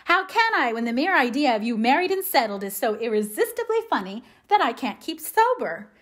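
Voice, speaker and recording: A woman reading aloud, voicing an excitable, warm-hearted young woman who speaks bluntly. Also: high voice, a little fast, exaggerated voice. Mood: teasing. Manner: excited, exclamatory. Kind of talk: audiobook reading.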